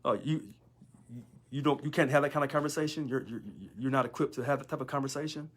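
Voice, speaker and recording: A man's voice: medium pitch, fairly even intonation, quick pace, a bit bright. A man, a union local leader, talking in a sarcastic monologue full of rhetorical questions. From United States. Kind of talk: casual monologue video.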